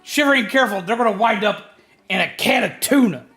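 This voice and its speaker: A man streaming a game, chatting casually with his viewers, ranting with lots of energy, swearing freely and shouting greetings to his chat. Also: sits high, expressive, fairly quick, soft background music.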